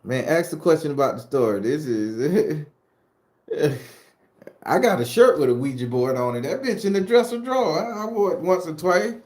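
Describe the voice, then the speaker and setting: A man's voice: fairly high pitch, lively intonation, moderate pace, darkish tone, reverberant. A middle-aged man from southern Florida hosting a spooky-story channel, chatting casually and joking with live viewers in a loose, profane way. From southern Florida, USA. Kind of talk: casual live-stream chat answering viewers.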